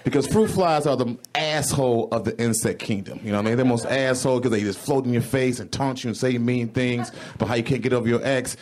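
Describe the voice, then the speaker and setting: A man doing a stand-up comedy set on a club stage, animated and profane, often jumping into high, exclaimed voices. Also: fast, hardly any pauses. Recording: live club recording with crowd. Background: audience laughing.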